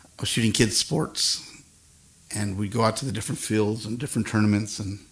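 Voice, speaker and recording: An older man hosting his own live stream, chatting with viewers in a rambling, soft-spoken way. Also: fairly low pitch, fairly even intonation, fairly quick. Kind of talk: casual chat with viewers between songs. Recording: acoustic guitar music behind the voice.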